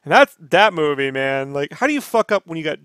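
A man hosting a casual podcast, ranting and swearing in an animated way. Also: fairly high pitch, brisk, slight background noise. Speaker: podcast host.

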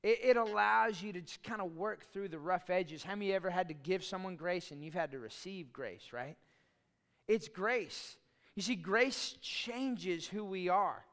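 A man's voice: high-pitched, normal speed, fairly bright tone. A man preaching a sermon as pastor, in a conversational, storytelling way with chatty asides.

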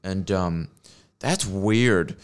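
Into a desk mic hooked to a mixer, a man rants sarcastically on stream as he reacts to videos, dropping frequent profanity and laughing at his own jokes. His voice is deep, clear and resonant, and he speaks extremely slowly.

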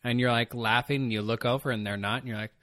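A man's voice: medium pitch, fairly even intonation, fast talker, fairly bright tone, no echo, clean studio sound. Chatty male podcast co-host. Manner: storytelling, acts out his own lines. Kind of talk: casual chat.

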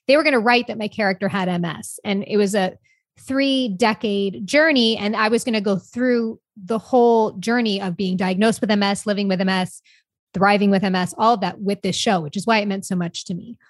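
A young adult woman co-hosting a podcast, talking in a candid, rambling, expressive way. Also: mid-range voice, no room sound, studio quality. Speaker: podcast co-host. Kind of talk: casual chat.

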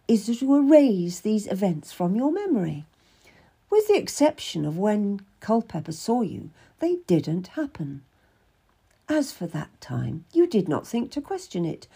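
A woman voicing a calm, firm noblewoman who gives measured, reassuring counsel in a storybook reading. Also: on the high side, vocal fry, slightly rough, pitched above the performer's own voice, full character voice.

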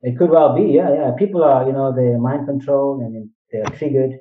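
A man being interviewed as a guest speaks earnestly, repeating phrases and using analogies and rhetorical questions to explain his points. His medium-pitched voice is fairly quick. The mic sounds distant, roomy, and dull, with a little hiss or hum.

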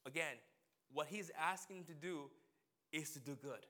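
A male pastor gives a relaxed, talkative sermon in a slightly higher voice with a bright, forceful edge. He turns to the congregation and asks people questions by name. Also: normal speed, long pauses. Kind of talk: conversational sermon.

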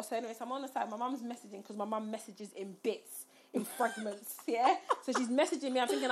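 A woman's voice: a little high, fairly even intonation, quick pace. A young woman telling a story in casual chat, acting out the quotes with rising squeals.

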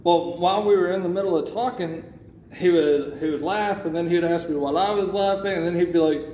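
A man casually telling a story on a podcast in a loose, profane, animated way. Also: high-pitched, brisk. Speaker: podcast co-host. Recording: echoey room with faint noise.

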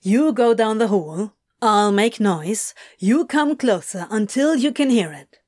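A woman's voice: on the high side, expressive, unhurried, a little mellow. A woman voicing a brash, scheming man who talks in a hasty, coaxing way. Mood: eager.

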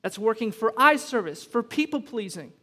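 A high-pitched American man preaches in an emphatic, conversational way, mixing humor with growing urgency. His voice rings out with a long reverb, as if he is in a big church sanctuary. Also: lively intonation, normal speed, bright, forceful tone. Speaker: pastor. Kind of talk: sermon. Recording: long reverb from a large hall.

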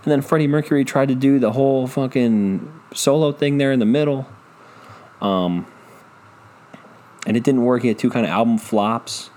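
A man's voice: mid-range voice, moderate pace, long pauses, mellow. A man hosting a solo podcast, ranting in a profane, rambling, self-deprecating way into a microphone. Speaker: podcast host. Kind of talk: casual solo rant. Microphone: studio microphone.

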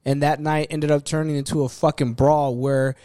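A man telling a rough story in casual group chat, frank and profane. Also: a little high, little pitch movement, normal speed, warm tone, no echo, clean studio sound. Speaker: podcast guest telling a story.

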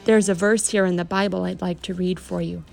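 A woman teaching a Bible story to children, speaking gently and emphatically with a lot of rise and fall in her voice. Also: lowish voice, fairly even intonation, brisk, creaky, soft background music.

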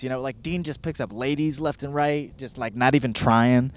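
A man's voice: mid-range voice, normal speed, slight background noise. A man in his thirties from Michigan, hosting a podcast and reviewing a book in a rambling, profane, self-deprecating monologue. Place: California.

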